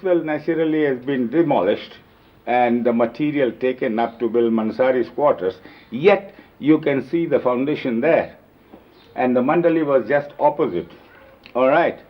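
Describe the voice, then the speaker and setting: A man telling lively, emphatic anecdotes about his time as a companion, recorded on old videotape. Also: medium pitch. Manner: lively, emphatic retelling with acted-out quotes. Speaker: storyteller recalling his years as a companion. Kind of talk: informal anecdotal storytelling. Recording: dull lo-fi 1970s reel-to-reel videotape.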